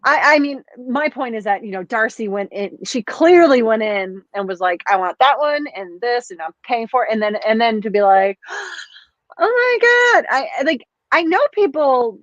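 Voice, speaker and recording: A woman's voice: fairly high pitch, expressive, moderate pace, hardly any pauses, no room sound. A woman co-hosting a podcast, ranting bluntly in casual chat and swearing freely. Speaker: podcast co-host. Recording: dull dry lo-fi sound.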